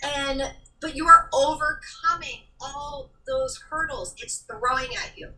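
A woman's voice: high voice, unhurried, bright, forceful tone, recorded from a distance, low-quality recording. A woman guest in a podcast interview, speaking emphatically and motivationally, close to tears. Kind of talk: casual interview chat.

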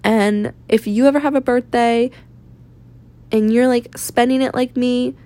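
A woman's voice: on the high side, steady tone, measured pace, mellow. A woman in her twenties from Maine, venting candidly in a blunt, profane, rambling personal vlog. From Maine, USA. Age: 20s. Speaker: vlogger. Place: rented room at home.

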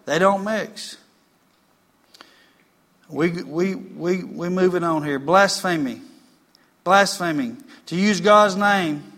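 A man preaches from the pulpit, his voice pitched high and ringing bright. He talks folksy and plain, circling back on his phrases and slipping into homespun stories. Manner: folksy, repetitive, storytelling. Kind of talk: conversational sermon. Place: church.

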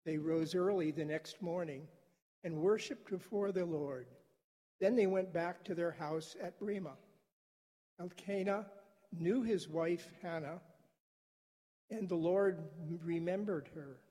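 A man with a high, mellow voice reads scripture slowly and deliberately. His words ring through a church hall with a long reverb. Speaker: scripture reader. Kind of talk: liturgical scripture reading.

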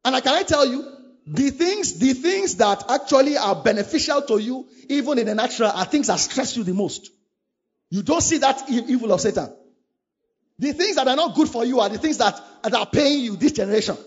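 A man's voice: very high-pitched, animated, a little fast, slightly rough. A man preaching a sermon, urging his listeners with fervent, repetitive lines. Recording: dull lo-fi recording.

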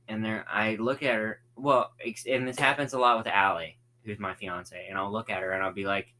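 A man's voice: lowish voice, flat delivery, fairly quick, few pauses, bright, forceful tone. A young man co-hosting a casual podcast, joking and rambling, often repeating words. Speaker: co-host. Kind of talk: casual chat.

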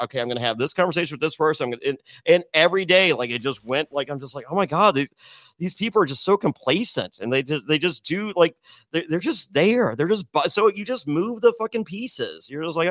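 A man's voice: high voice, a bit bright, no room sound. A man guesting on a podcast, telling brash, profane stories with many restarts. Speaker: podcast guest, former reality show contestant. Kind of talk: casual storytelling chat.

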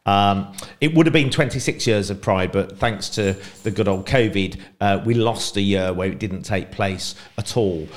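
A middle-aged man tells long stories as a podcast guest. His voice sits a little low, and he rambles casually, leaning on plenty of ums and uhs as he goes. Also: moderate pace. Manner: chatty, rambling, frequent fillers. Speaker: podcast guest, Pride co-founder. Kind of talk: casual storytelling.

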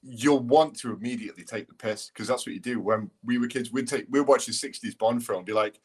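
A man co-hosting a podcast, chatting in a relaxed way, sharing film trivia and swearing casually. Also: medium pitch, quick pace, few pauses, husky. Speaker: podcast co-host. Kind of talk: casual chat.

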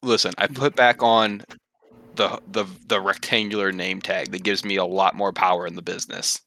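A man's voice: deep voice, normal speed, vocal fry. A young man co-hosting a podcast, chatting casually and telling stories with lots of laughter. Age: young adult. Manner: animated storyteller, laughs often. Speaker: podcast co-host. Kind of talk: casual chat.

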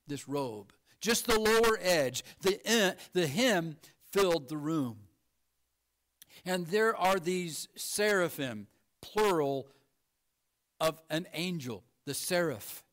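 A male pastor delivering a sermon in a notably high voice. He leans hard into emphasis, then drops to a hushed, quiet delivery, keeping an earnest preaching cadence throughout. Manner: emphatic, shifts between ringing emphasis and hushed low delivery.

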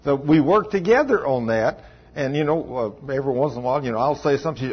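A man's voice: mid-range voice, expressive, quick pace, breathy edge. A man preaching an informal sermon to his congregation, in a folksy, rambling way. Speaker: pastor. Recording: dull lo-fi sermon recording.

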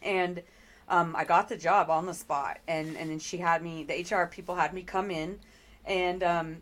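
A woman's voice: fairly low pitch, steady tone, moderate pace. A middle-aged woman speaking as an interview guest, telling her story earnestly with frequent ums and restarts.

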